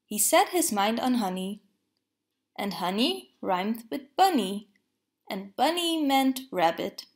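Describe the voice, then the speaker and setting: A woman reading a children's storybook aloud, slow, clear and gentle. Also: a little high, sing-song. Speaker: storybook reader. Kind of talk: read-aloud storybook narration.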